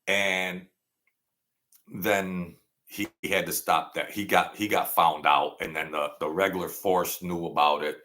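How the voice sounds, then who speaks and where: This host from Brooklyn, New York, has a low, level voice with a bright, forceful tone and a measured pace. He rambles through a story casually, repeating phrases and acting out what others said.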